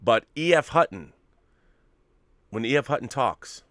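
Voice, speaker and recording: A man's voice: medium pitch, expressive, measured pace, fairly bright tone, no room sound. An American man co-hosting a casual show, talking with enthusiasm and jumping into jokey asides. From United States. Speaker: co-host. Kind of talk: casual chat. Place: home studio in Hollywood.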